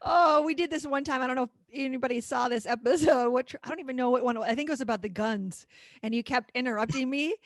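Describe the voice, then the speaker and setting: A woman co-hosting a podcast, pressing her points with animated emphasis and frequent laughs. Her voice is high, and the recording is dry and close with no room echo. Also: fast. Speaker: podcast co-host. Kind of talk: casual chat.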